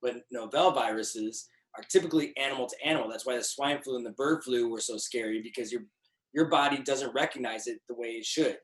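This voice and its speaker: A man's voice: medium pitch, a little fast, reverberant, low-quality recording. A man co-hosting a casual video call chat, playfully explaining things at length. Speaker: co-host.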